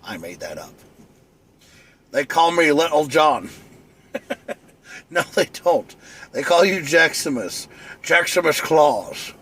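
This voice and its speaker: A man rambles through a late-night solo live stream, joking and boasting in an easygoing way. He talks slowly, and his voice sits a little higher than most men's. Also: big pitch swings, a bit bright, breathy edge.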